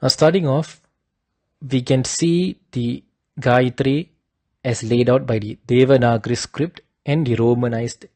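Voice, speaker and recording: A man slowly giving a lesson, carefully demonstrating correct pronunciation. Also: mid-range voice, a little mellow, no room sound. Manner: slow and deliberate, demonstrating pronunciations. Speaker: teacher of Vedic chanting. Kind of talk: instructional talk.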